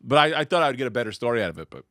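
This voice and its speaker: A man's voice: medium pitch, very fast, dry recording, clean studio sound. A man co-hosting a comedy podcast, telling stories in a casual chat and acting out the lines. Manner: animated storytelling, acts out lines.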